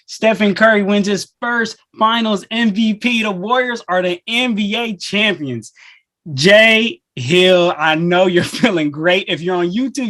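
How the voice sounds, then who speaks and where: A man with a high voice hosts a casual sports podcast. He talks loosely in slang and laughs often. His manner is relaxed and friendly toward his co-host.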